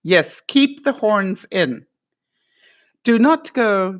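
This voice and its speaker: A woman's voice: mid-range voice, animated, extremely slow, long pauses. Laughing, encouraging woman giving life advice. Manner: encouraging, often checks in with "all right?"; laughs often, playful. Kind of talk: coaching talk to a guest.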